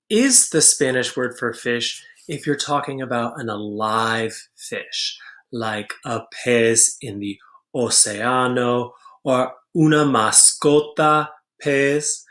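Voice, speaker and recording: A man teaching a vocabulary lesson, patient and clear, repeating each word slowly for students to write down. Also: medium pitch, a bit bright. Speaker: Spanish teacher. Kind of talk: classroom-style vocabulary lesson.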